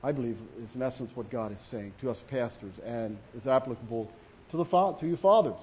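A man preaching as a pastor in an earnest, halting way, with many restarts and fillers. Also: medium pitch, a little mellow, slight background noise. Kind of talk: sermon.

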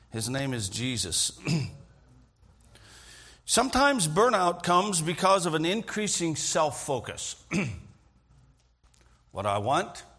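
A middle-aged male pastor preaching a sermon, telling stories earnestly and often clearing his throat. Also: a little high, bright, forceful tone. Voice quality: gravelly, husky voice. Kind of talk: sermon with storytelling.

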